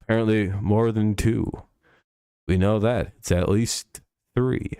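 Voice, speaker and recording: A man's voice: on the low side, fairly even intonation, takes it slowly, warm tone, clean tone, dry recording, studio quality. A man hosting a casual football preview stream, joking and rambling with frequent swearing. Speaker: sports streamer. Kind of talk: casual NFL preview chat.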